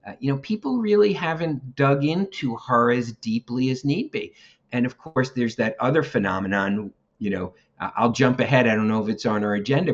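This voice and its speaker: A man's voice: mid-range voice, muffled recording. A man co-hosting a podcast, giving casual political commentary in an emphatic, conversational way. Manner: conversational, emphatic, laughs often. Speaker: podcast co-host.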